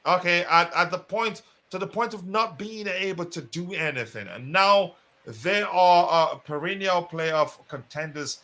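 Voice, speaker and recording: A man hosts a casual live football stream, his voice bright and fairly high. He rambles along with frequent fillers and restarts, keeping a relaxed, chatty flow. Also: unhurried. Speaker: host.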